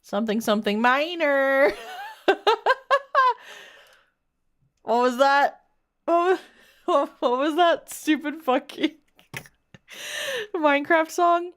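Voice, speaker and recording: A woman's voice: high-pitched, sing-song, slow pace, pauses often. Giggly woman streamer reading fanfic. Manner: giggly, mocking, swears freely. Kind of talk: casual reading aloud of fanfiction.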